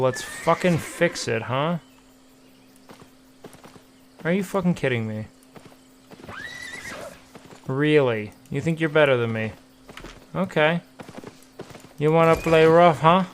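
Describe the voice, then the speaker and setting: A young man streams a game and chats casually with viewers, tossing out profane, playful trash talk as gameplay commentary. His voice is medium in pitch, with a little hiss or hum in the audio.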